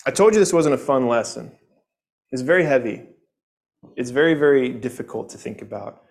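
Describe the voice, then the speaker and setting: A man's voice: mid-range voice, lively intonation, normal speed, vocal fry. A man teaching a Sunday morning Bible lesson, earnest and conversational, often repeating words as he goes.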